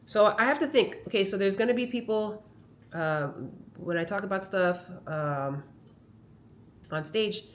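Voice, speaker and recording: In an unhurried, mid-range voice, a woman comedian vlogs casually from home into her phone camera. She rambles and chats her way through animated stories, over a little hiss or hum.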